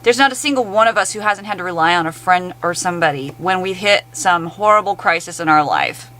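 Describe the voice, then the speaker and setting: A woman's voice: fairly low pitch, fairly quick, sharp tone, poor audio. A woman in an angry, blunt, profane rant to camera. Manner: blunt, heavily profane, exasperated.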